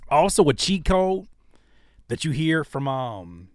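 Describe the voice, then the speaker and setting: A man's voice: on the high side, sing-song, slow, no echo. A man chatting casually on a live stream, giving feedback on music, rapping lines back and slipping into voice impressions. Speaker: rapper and producer reacting to viewer music.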